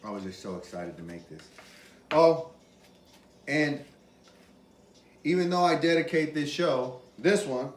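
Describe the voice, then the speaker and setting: A man hosting a casual cooking demonstration, animated and exclamatory as he talks straight to his viewers. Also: on the high side, unhurried, pauses often. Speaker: cooking video host. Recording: roomy, from far off, faint ambient noise.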